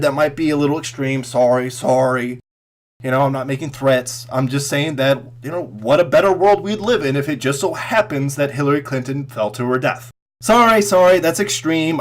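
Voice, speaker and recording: A man giving an angry, profane political rant straight to camera, sarcastic and mocking, swinging between loud outbursts and muttered asides. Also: fairly high pitch. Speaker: political commentary vlogger.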